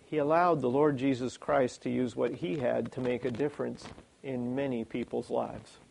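A man preaching a sermon, animated and full of rhetorical questions. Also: mid-range voice, moderate pace, vocal fry, slight background noise, poor audio.

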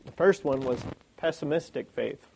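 A man preaching a sermon, animated and full of rhetorical questions. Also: a little high, moderate pace, vocal fry, breathy edge, low-quality recording.

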